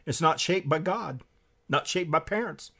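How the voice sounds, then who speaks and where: Male preacher, fairly high pitch, emphatic and fiery, reads quotes aloud from a book. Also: a little slow, creaky. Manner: emphatic, with sharp swings in pitch and loudness. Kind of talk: impassioned sermon-style lecture.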